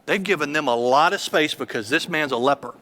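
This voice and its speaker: A man's voice: a little high, a little fast, pushed and bright. A man in his fifties, a church elder preaching a sermon with emphatic, repetitive phrasing.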